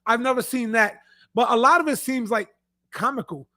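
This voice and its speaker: High-voiced man in heated casual chat. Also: moderate pace. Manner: animated, laughs often, repeats words when pressed. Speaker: podcast co-host.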